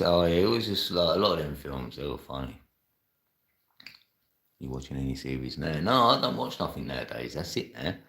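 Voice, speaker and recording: A man's voice: very deep voice, a bit bright. A man from London hosting a live stream, rambling casually, laughing often and answering viewer chat.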